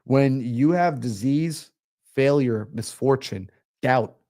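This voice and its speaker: A man coaching on a live stream, energetic and preachy, acting out little everyday scenes. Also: medium pitch, slow. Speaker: mindset coach. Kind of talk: motivational live-stream talk.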